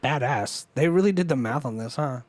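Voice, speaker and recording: A man's voice: medium pitch, fairly quick, dry recording. Male co-host, casual chat, enthusiastic and profane. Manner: excited, swearing, nerding out. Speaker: podcast co-host.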